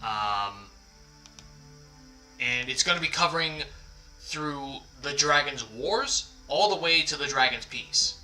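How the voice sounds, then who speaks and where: Guy rambling on his livestream, slow and apologetic, super bright voice, music going quietly behind. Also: mid-range voice, expressive, rough recording. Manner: rambling, apologetic, self-deprecating. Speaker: livestream host. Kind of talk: casual livestream chat. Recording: background music under the voice. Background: quiet background music.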